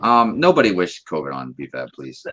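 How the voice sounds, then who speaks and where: A man's voice: deep voice, big pitch swings, normal speed, fairly bright tone, rough recording. A man co-hosting a livestream, chatting and bantering playfully. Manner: bantering, playful, swings his voice widely. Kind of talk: casual chat on a livestream.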